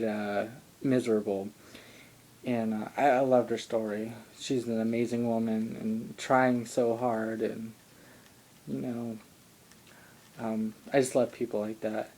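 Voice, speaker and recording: A man's voice: medium pitch, warm tone. A young man casually recapping a TV show into a handheld camera, rambling with many ums and likes. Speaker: vlogger recapping a TV singing show. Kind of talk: casual talking-head recap. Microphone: handheld camera, shaky.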